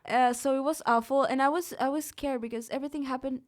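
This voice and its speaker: A woman's voice: high voice, fairly even intonation, fast, a crowd in the background. A young woman from Mexico talks candidly in a live interview at a studio event. She speaks with emphasis and often restarts her words mid-thought. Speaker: singer being interviewed.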